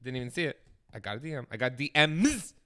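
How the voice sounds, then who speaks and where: A young man co-hosting a podcast, telling stories in an animated, gossipy way. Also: medium pitch, quick pace. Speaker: podcast co-host. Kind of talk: casual chat.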